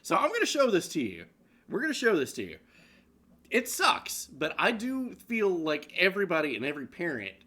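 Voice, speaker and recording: A man co-hosting a casual online news show, swearing, laughing and ranting about what he shows. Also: on the high side. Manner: animated, swearing, laughs often. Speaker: show co-host. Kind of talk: casual profane news commentary.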